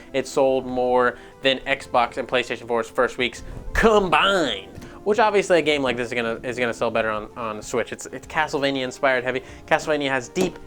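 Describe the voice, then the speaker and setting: Profane, excitable man ranting about games. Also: mid-range voice. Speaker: gaming news host. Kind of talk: casual ranting commentary.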